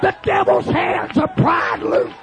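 A man preaching a fiery Pentecostal revival sermon, shouting and calling the congregation to respond. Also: very high voice, fairly even intonation, slow pace, vocal fry, a crowd in the background.

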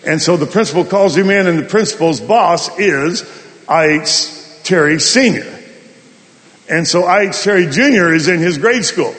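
A male pastor telling a folksy, animated story in a sermon. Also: high voice, normal speed, long reverb tail. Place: large hall at a summit.

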